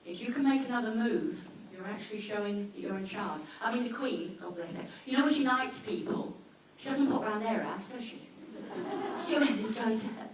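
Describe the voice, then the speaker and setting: A woman talking informally to a seminar audience about dogs, chatty and anecdotal, slipping into quick acted-out asides. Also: fairly high pitch, dull audio. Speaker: dog behaviour trainer giving a seminar. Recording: echoey hall, mic far off, faint noise.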